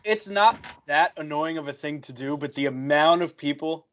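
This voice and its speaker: A young man with a somewhat high voice chats casually on a podcast. He tells a long story with energy and acts out each person's lines as he goes. The talk is loose and conversational. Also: normal speed. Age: young adult. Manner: animated storyteller who acts out quoted dialogue. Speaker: podcast co-host telling a work story.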